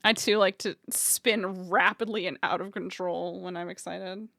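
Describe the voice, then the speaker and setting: A woman's voice: lowish voice, fairly even intonation, measured pace, creaky, sharp tone, no room sound, studio quality. A woman streamer chatting casually with her viewers, swearing freely and laughing often.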